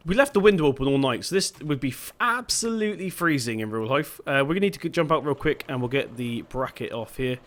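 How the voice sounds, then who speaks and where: A man's voice: medium pitch, animated, fast, few pauses. A young man giving casual let's-play commentary as a gaming video host, chatty and rambling, often stopping to correct himself.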